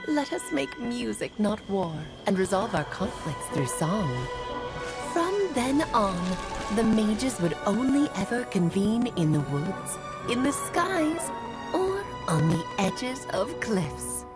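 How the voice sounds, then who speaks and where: A woman's voice: mid-range voice, very animated, slow, loud music behind the voice. A woman voicing a grand, playful female mage in a video game, with a theatrical, teasing storyteller's manner. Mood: storytelling.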